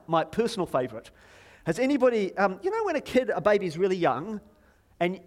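A middle-aged man preaching a lively, joking sermon from a church stage, chatty and self-deprecating, drawing the congregation in. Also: high voice. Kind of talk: playful sermon with audience participation.

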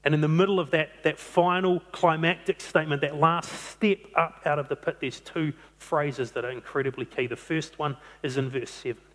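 A man's voice: on the high side, steady tone, a bit bright. Earnest male preacher in a reverberant hall. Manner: earnest, drawn-out emphatic phrases. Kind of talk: sermon on a psalm.

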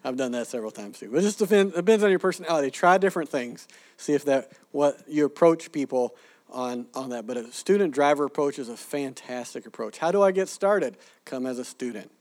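A man's voice: a little high, fairly quick. A man teaching a church audience sermon-style, telling stories and acting out the people he quotes. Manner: animated storyteller, acts out quoted people. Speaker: preacher teaching evangelism.

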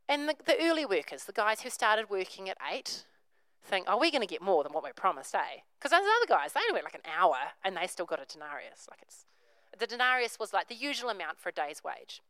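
Animated woman preaching. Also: medium pitch, a little fast, dry recording, rough recording. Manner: storytelling, acts out characters' voices. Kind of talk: sermon.

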